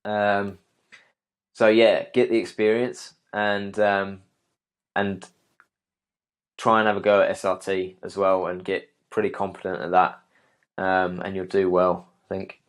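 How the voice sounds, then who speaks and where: A young man talks in a loose, easygoing way, often pausing on ums and restarting his sentences. His voice sits a little low. He sounds like a guest answering questions on a chat show. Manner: relaxed, many ums and restarts. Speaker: guest, arborist. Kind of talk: casual interview answers.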